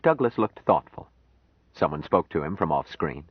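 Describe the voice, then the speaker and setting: A man reading a novel aloud as an audiobook narrator, steady and measured. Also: extremely low pitch, husky, no echo, dull audio.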